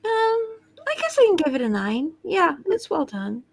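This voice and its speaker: A woman's voice: very high voice, big pitch swings, normal speed, vocal fry, a little hiss or hum. A woman on a casual comics panel who is hesitant and jokey and chats with a lot of fillers.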